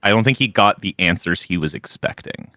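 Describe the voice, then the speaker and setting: Tabletop player, very low voice, dry close sound, measured, thoughtful. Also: animated, pushed and bright, no room sound, soft background music. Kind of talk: casual chat between players.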